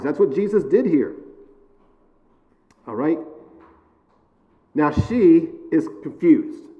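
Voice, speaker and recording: A man preaching a sermon in a loose, conversational way, often pausing to ask "all right?" and adding self-deprecating jokes. His voice sits a little high for a man. The sound is dull and lo-fi, with a long reverb trailing behind him. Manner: conversational, frequent "all right?" and "okay?" check-ins.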